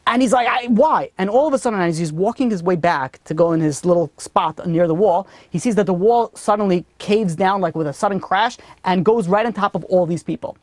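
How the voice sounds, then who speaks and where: Animated rabbi telling stories, dry sound. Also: male voice, high voice, a little fast, hardly any pauses, dry recording. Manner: animated storyteller acting out characters. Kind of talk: Torah lesson with storytelling.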